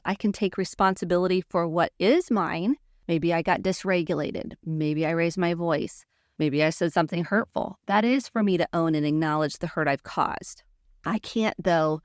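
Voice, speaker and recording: A woman's voice: fairly low pitch, dry recording, studio quality. A woman therapist hosting a podcast, teaching communication skills in an earnest, coaching monologue and acting out sample phrases.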